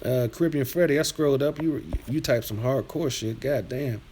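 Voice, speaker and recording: A man hosting a live stream, reading chat aloud and trash-talking viewers in a combative, rambling rant that drops to mutters and rises to yelling. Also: moderate pace, slightly rough. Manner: swings from low muttering to loud yelling. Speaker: livestream host reading chat.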